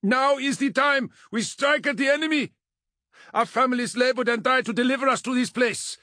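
A man voicing a scarred female officer who gives an impassioned, shouted battle speech to her troops in an audiobook. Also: very high voice, a little slow, dry recording, studio quality, voice pushed up. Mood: rallying.

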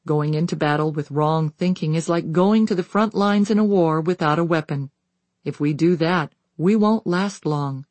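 A reader giving a measured, steady scripted narration of a devotional book, citing scripture verses along the way. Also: medium pitch, no echo. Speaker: audiobook reader.

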